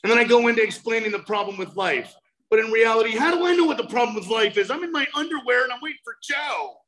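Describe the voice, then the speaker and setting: A man in his forties telling his recovery story, animated, breaking into loud exasperated outbursts. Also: extremely high pitch, fast talker. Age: 40s. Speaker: speaker sharing recovery story. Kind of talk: recovery talk, personal story.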